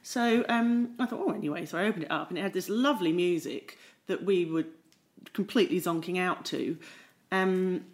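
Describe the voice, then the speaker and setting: Animated woman podcast co-host, lowish voice. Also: normal speed. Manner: animated storyteller. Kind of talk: casual chat.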